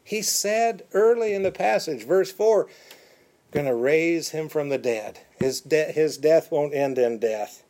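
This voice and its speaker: A male pastor delivering a sermon in a slightly high voice. He moves between measured teaching and lively, dramatic quoting, pushing his voice up when he acts out what people say to God. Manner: animated preaching with dramatic voiced quotes.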